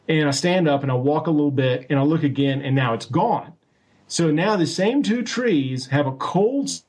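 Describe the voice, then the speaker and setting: A man telling a story as an interview guest, animated and full of restarts and acted-out quotes. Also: on the high side. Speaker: guest recounting a sighting. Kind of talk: casual storytelling.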